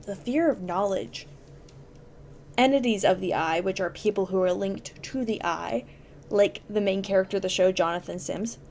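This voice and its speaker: A woman's voice: mid-range voice, a little mellow, a little hiss or hum. A woman hosting a podcast, chatting casually and explaining at length with enthusiasm and plenty of fillers. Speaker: podcast host.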